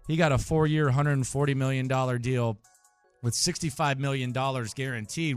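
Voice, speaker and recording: A man's voice: medium pitch, fairly quick, faint music behind. A man hosting a sports radio show, giving his opinions in a conversational, opinionated way. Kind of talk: casual sports talk.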